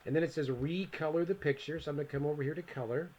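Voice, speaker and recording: A man instructor narrating a software screencast tutorial, casual and thinking aloud as he clicks, with joking asides to the viewer. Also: a little high, fast talker, poor audio. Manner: casual, talks to himself while clicking.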